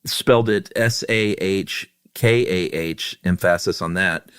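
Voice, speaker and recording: A man's voice: low-pitched, unhurried, fairly bright tone, smooth, no echo, studio quality. A man co-hosting a podcast, chatting casually as an easygoing, rambling storyteller. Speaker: podcast co-host. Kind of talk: casual chat.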